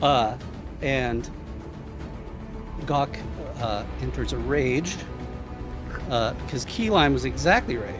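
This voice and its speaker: A man's voice: medium pitch, takes it slowly, pauses often, over music. A man playing a tabletop game, narrating his character's actions and working through the rules aloud. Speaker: player.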